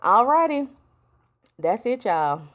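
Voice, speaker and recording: A woman's voice: on the high side, sing-song, takes it slowly. A woman hosting a solo podcast, talking in a blunt, sassy, profane casual way. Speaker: podcast host. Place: home, with a storm outside.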